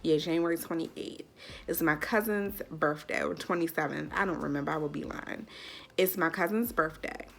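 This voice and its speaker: A woman's voice: deep voice, moderate pace, gravelly, fairly bright tone, soft background music. A young woman vlogger telling a personal story in a casual, candid way, full of "like". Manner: chatty, lots of "like", candid.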